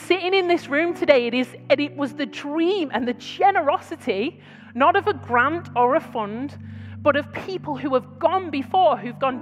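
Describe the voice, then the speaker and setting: High-voiced British woman preaching. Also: lively intonation, moderate pace, long reverb tail, faint music behind. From Britain. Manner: conversational storytelling with asides. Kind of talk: sermon. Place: large church hall.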